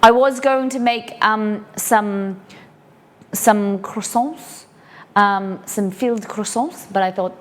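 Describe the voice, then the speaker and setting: A woman's voice: mid-range voice, takes it slowly. An English woman hosting a casual live cooking stream from her home kitchen, chatty and rambling with cheeky asides. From England.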